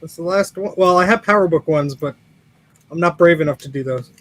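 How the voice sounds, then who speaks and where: High-voiced teasing man on a call. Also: fairly quick, a bit bright. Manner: playful, teasing. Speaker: livestream guest. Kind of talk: casual chat on a livestream. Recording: noisy video call audio.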